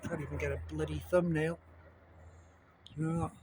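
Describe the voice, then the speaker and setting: A man's voice: a little high, flat delivery, normal speed. Rambling man filming outdoors. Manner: rambling, chatty, swears casually. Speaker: vlogger. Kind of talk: casual outdoor commentary. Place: outdoors in the wind. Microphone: phone, cupped by hand. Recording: windy phone recording with helicopter noise. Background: wind and helicopter rotor noise.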